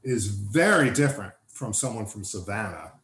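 A man hosting a casual interview, chatting in an animated way and acting out the people he quotes. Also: lowish voice, moderate pace. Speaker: podcast host, lawyer and agent. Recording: echoey room with faint ambience.

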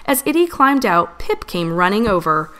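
A woman reading a children's storybook aloud, gentle and expressive. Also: mid-range voice, moderate pace. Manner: gentle, expressive, lively voice changes for characters. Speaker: storybook reader.

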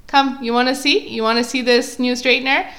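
A woman's voice: high-pitched, steady tone, brisk, fairly bright tone, pitched above the performer's own voice. A woman voicing a pushy mall kiosk salesperson who coaxes and insists. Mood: coaxing. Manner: coaxing, insistent.

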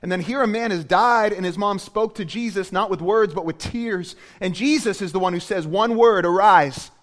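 Pastor guy preaching, goes real quiet then loud and emphatic, kinda high voice, big church reverb. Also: normal speed. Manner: swings between hushed and loud emphatic preaching. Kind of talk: sermon.

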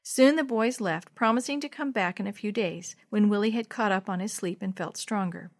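A woman's voice: medium pitch, moderate pace. A woman reading a children's chapter book aloud in a scripted narration, lifting her voice for the dialogue. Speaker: storybook reader.

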